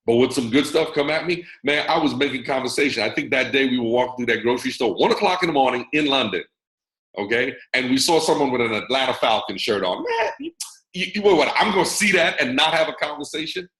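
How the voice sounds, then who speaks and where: American host, mid-pitched, preacher-style pep talk to a video call audience, echoey room. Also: male voice, fast. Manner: lively and preacher-like, teasing the audience directly. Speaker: network marketing mentor and host.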